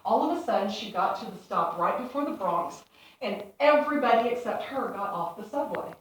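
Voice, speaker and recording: A woman's voice: mid-range voice, expressive, brisk, recorded from a distance. A woman giving a playful inspirational talk to a congregation, telling stories with laughter and acting out voices. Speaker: speaker. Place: church hall. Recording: echoey hall, speaker away from the mic.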